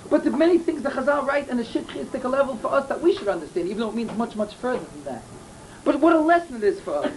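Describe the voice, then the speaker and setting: A man's voice: very high-pitched, sing-song, fast, slight background noise, low-quality recording. A man giving a Torah lecture, telling stories earnestly and repeating key phrases. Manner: earnest, repeats himself, mixes in Hebrew and Yiddish terms. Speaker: Torah teacher.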